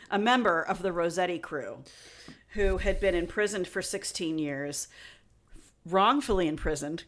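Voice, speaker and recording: Animated woman telling a story to co-hosts. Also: fairly low pitch, measured pace, long pauses. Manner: animated, acts out quoted people in put-on voices. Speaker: podcast co-host. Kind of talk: casual storytelling chat.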